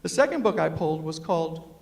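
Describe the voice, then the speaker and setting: A middle-aged man tells comic stories to a university audience. He is animated and acts out the people he quotes. His voice sits fairly high and carries a long reverb from the lecture hall. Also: fairly quick, vocal fry. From New York City. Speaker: storyteller and humorist. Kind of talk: comic storytelling talk to a live audience.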